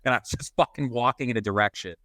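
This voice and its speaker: A man's voice: medium pitch, very fast, bright, forceful tone, no room sound. A man co-hosting a podcast, telling a self-mocking story in casual chat and swearing constantly. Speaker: podcast co-host.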